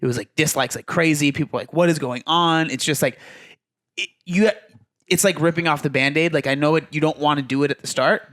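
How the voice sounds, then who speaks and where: A young man co-hosting a podcast, chatting casually and giving opinions with quick asides. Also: a little high, a bit bright, no room sound, clean studio sound. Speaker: podcast co-host. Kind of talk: casual chat.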